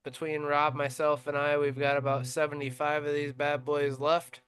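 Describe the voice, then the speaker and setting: A man co-hosting a casual racing podcast, reading sponsor plugs between stories. His voice sits a little on the high side. He launches into lively, animated anecdotes packed with ums and uhs. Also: normal speed. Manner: animated storytelling with many fillers. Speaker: podcast host. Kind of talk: casual chat.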